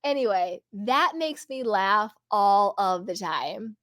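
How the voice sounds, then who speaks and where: A woman's voice: mid-range voice, animated, slow, a bit bright, no echo, clean studio sound. A woman hosting her own channel, giving emphatic, opinionated reality TV commentary and repeating her points for effect. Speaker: channel host.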